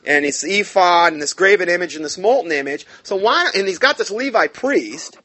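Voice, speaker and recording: A man's voice: high-pitched, animated, moderate pace, pushed and bright, full character voice. A man voicing brash raiding warriors who plot a theft, talking in a boastful, pushy way.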